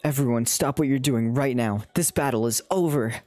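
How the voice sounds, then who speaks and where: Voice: mid-range voice, normal speed, dark tone, dry recording. A streamer casually reading a dating sim aloud on a live stream, swearing and laughing at their own slips.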